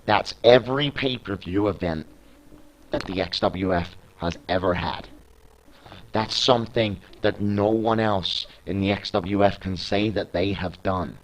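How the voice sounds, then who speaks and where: A man's voice: low voice, steady tone, measured pace, slight background noise, low-quality recording. A young man voicing a boastful, arrogant male wrestler who brags and taunts his opponent. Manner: bragging, taunting.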